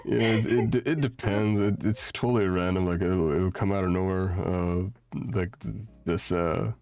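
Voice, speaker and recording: A man's voice: deep voice, steady tone, moderate pace, a little mellow. A young man chatting casually out of character after a tabletop roleplay session, rambling with many fillers and restarts and laughing often. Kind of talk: casual out-of-character chat on a stream.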